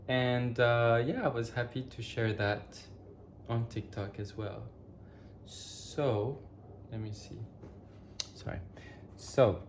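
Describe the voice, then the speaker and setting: Chatty man talking slowly while cooking. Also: medium pitch, a little mellow, slight background noise. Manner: chatty and rambling, with many fillers; self-correcting, thinks aloud. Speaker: vlogger. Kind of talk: casual chat while cooking. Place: home kitchen. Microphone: camera on a tripod.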